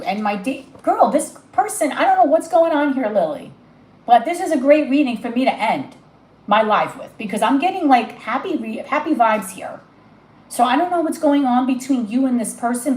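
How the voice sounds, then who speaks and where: A woman's voice: on the high side, a little mellow, echoey room, rough recording. A woman giving a live tarot reading, gushing and emotional as she talks straight to the viewer. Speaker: tarot reader.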